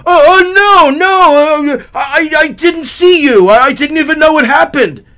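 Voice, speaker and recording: Man acting out a frightened old driver, high and stammering, panicky. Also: a little slow, bright, forceful tone, heavily acted. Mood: panicked.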